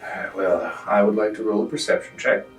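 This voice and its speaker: A man's voice: on the low side, fairly quick. A man playing a tabletop game who talks in a blunt, teasing way. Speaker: player. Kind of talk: casual tabletop game play. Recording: roomy, distant mic, faint music.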